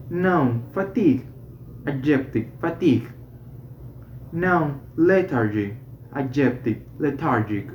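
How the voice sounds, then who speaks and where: A student slowly reading a medical English textbook aloud, correcting small slips along the way. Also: mid-range voice, slight background noise. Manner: slow, careful reading with self-corrections. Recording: roomy, slightly dull home recording.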